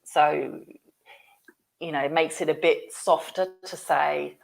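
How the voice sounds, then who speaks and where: A woman's voice: sits low, steady tone, slow, creaky. A woman teaching business English, explaining phrases patiently.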